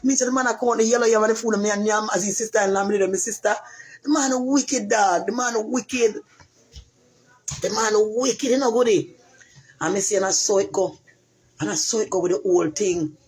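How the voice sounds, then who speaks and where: A woman's voice: mid-range voice, fairly quick, breathy edge. A middle-aged woman with a Jamaican accent, telling her life story in casual patois and repeating phrases for emphasis.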